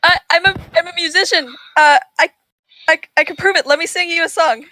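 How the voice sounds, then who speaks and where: A woman's voice: high voice, normal speed, pushed and bright, low-quality recording. A woman playing a stammering nervous bard. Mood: flustered. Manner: stammering, flustered. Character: nervous young male bard in disguise.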